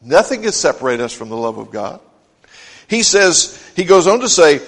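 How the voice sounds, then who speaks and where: A pastor preaching a sermon who reads scripture aloud and drives home each point with short repeated phrases. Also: male voice, a little high, sing-song, normal speed, vocal fry, breathy edge. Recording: long hall reverb.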